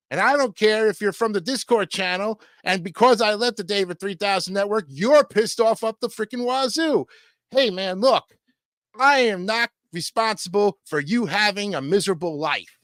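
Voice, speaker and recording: A man's voice: high-pitched, pushed and bright, no echo, clean studio sound. A man hosting a livestream show, delivering combative, crude political commentary and repeatedly asking his audience "okay?".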